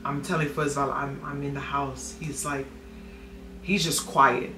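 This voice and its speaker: Woman telling an animated story, roomy echo. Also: a bass voice, measured pace. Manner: animated, acts out what others said. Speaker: guest giving testimony. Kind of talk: emotional storytelling. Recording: echoey room with faint noise.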